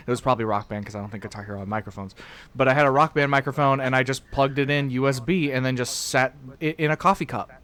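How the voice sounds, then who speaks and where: A man's voice: mid-range voice, quick pace, a bit bright, clean tone. Rambling young man chatting on a call. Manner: rambling, stumbles and restarts often. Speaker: podcast co-host. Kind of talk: casual group chat. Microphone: own home mic on an online call.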